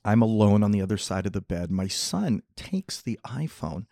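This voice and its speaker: A man's voice: fairly low pitch, animated, normal speed, vocal fry, dark tone, no echo, studio quality. A middle-aged man hosting a podcast, telling long rambling jokey stories in casual chat. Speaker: podcast host. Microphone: podcast mic, close.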